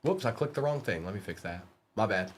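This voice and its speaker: There's background noise as a man with a lowish voice runs a live-stream card break. He calls out player names rapidly and ribs his viewers between excited outbursts.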